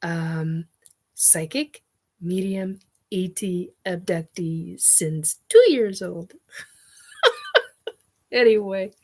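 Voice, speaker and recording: A woman's voice: fairly low pitch, extremely slow, warm tone, slightly rough. A middle-aged woman hosting a casual live chat, rambling with many ums and laughs as she reads viewer comments. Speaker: livestream host.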